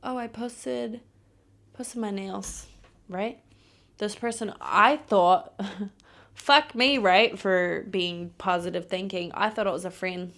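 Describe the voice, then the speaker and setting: A woman's voice: medium pitch, takes it slowly, gravelly, fairly bright tone. A young woman hosting a solo podcast, telling stories in a blunt, profane, ranting way. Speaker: podcast host. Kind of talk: casual solo podcast monologue.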